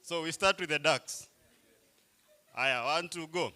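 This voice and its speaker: A man's voice: fairly high pitch, unhurried, sharp tone, slight background noise. A man, playfully coaxing a crowd as he leads a group icebreaker game at a live event. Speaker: workshop facilitator.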